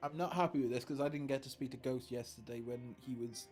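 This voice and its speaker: A man's voice: medium pitch, steady tone, fast, darkish tone, faint music behind. A man in a casual game voice chat, flustered and tripping over his words. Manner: flustered, stumbling restarts.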